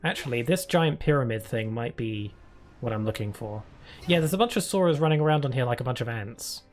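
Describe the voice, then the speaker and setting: A man's voice: mid-range voice, lively intonation, fairly quick, faint music behind. A British man streaming a video game, chatting and rambling through casual commentary with frequent giggles.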